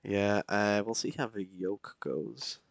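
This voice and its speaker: A man's voice: fairly low pitch, takes it slowly, gravelly, no echo. A man streaming a flight simulator, chatting casually with viewers and reading back radio calls. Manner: relaxed, chatty, answers chat with fillers. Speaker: flight sim streamer playing pilot.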